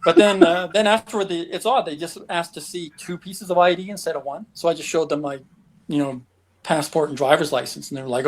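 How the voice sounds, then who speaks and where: A man telling adventure stories in a fast, rushing patter. His voice sits a little high for a man, and he chuckles often between anecdotes. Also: steady tone. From Canada. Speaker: guest, world traveler. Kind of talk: casual storytelling interview.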